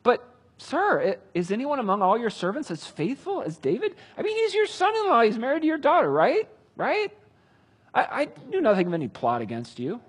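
A man's voice: high voice, huge pitch swings, moderate pace, hardly any pauses, darkish tone, breathy edge, pitched above the performer's own voice, heavily acted. A man voicing a frightened older priest who stammers and pleads his innocence. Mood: nervous pleading.

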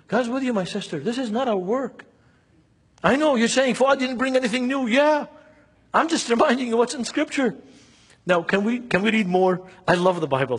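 Husky high-voiced male preacher. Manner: earnest, engages the congregation with questions. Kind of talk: sermon with storytelling.

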